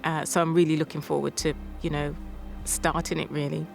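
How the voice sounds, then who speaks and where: Low, gravelly woman patient. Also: level tone, a little fast, faint music behind. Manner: hesitant, with fillers. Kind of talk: interview to camera.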